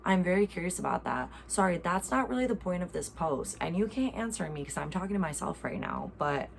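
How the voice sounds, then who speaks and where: A woman's voice: on the low side, big pitch swings, brisk, creaky, slight background noise. A young American woman hosting a casual reaction chat, talking in a playful, gushing way full of fillers. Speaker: host.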